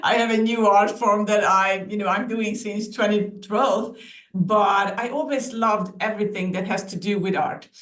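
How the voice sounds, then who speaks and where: A woman artist tells her story as a podcast guest, speaking warmly, laughing easily and restarting her sentences now and then. Her voice sits at a middle pitch. The recording has a noticeably roomy, echoey sound. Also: fairly even intonation, moderate pace, far from the mic. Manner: warm, laughing easily, talks with small restarts. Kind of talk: casual interview chat.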